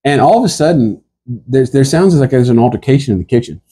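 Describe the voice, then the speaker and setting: A man telling a rambling, animated comic story, laughing through it and acting out the people in it. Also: mid-range voice, a little fast, husky.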